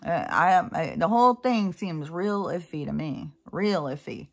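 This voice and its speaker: A woman's voice: on the low side, lively intonation, unhurried. A woman vlogger talking in a rambling, casual monologue, full of fillers and asides. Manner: chatty, meandering, many fillers and asides.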